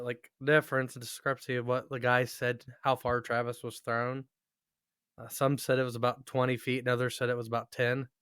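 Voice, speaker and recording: Man, podcast co-host, smooth clear voice, dry close sound, crude joking storytelling. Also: medium pitch, a bit bright, dry recording. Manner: crude, joking narration with swearing. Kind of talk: casual storytelling chat.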